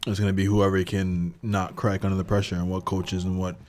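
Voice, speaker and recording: A man's voice: sits low, little pitch movement, fairly quick, a little mellow, a little hiss or hum. A man co-hosting a casual sports podcast, laid-back and analytical, thinking his points through aloud.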